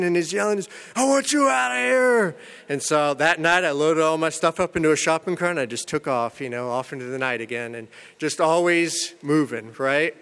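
Speaking in a large hall, a man with a clean, somewhat high voice tells his recovery story, rambling and candid, full of "you know" and "man," joking at his own expense about a dark past.

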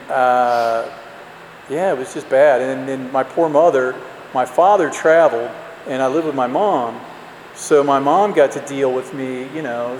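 A man telling a candid, self-mocking personal story to an audience, rambling with lots of fillers. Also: medium pitch. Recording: roomy hall, faint background noise.

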